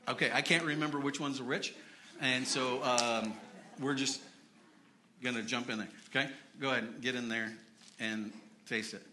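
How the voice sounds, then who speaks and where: A man's voice: mid-range voice, fairly even intonation, moderate pace, sharp tone, reverberant, slight background noise. A man preaching a casual sermon in church, chatty and self-deprecating, with many fillers and restarts.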